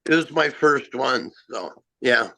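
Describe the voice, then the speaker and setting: A man telling a first-person encounter story in a halting, rambling way, full of "you know" and "uh" fillers. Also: mid-range voice, lively intonation, creaky, sharp tone. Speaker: eyewitness guest.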